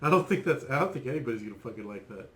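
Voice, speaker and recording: A man's voice: mid-range voice, big pitch swings, very fast, a bit bright. A man co-hosting a casual podcast, reading a profane comic rant with theatrical outrage. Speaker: podcast co-host.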